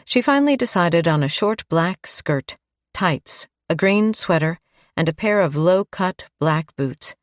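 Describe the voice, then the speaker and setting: A woman narrating an audiobook in a calm, even storytelling manner. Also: fairly low pitch, a little slow, no echo, studio quality. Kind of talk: scripted narration.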